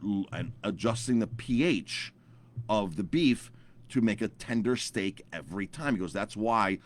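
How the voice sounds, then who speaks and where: A man's voice: fairly low pitch, lively intonation, a little slow. A man in his thirties, a chef, telling a story to camera in a casual, rambling way with lots of repeated words and fillers.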